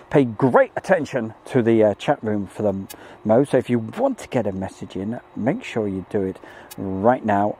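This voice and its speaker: A man's voice: on the low side, darkish tone, slight background noise. A man hosting a live plane-spotting stream, chatting jokily and reading out viewer messages. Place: outdoors at an airfield.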